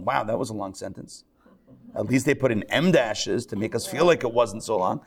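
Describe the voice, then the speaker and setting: Man, rabbi, live class lecture, gravelly, animated. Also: on the low side, moderate pace. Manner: animated, acts out excited and grumbling voices. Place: lecture room with a live audience.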